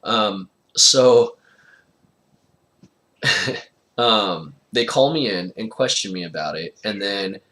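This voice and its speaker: A man's voice: lowish voice, slow pace, pauses often, sharp tone. A young man telling a casual personal story, rambling with lots of fillers and frequent laughter.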